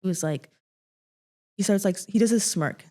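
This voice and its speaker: A young woman appearing as a guest shares a painful personal story, halting often, using many fillers and restarting, and frequently going quiet. Her pitch is medium.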